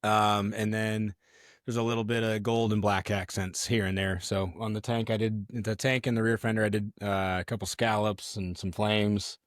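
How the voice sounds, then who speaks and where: Laid-back, fairly low-voiced man. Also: level tone, normal speed, no room sound, studio quality. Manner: laid-back, explains his build step by step. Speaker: podcast co-host. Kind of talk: casual chat.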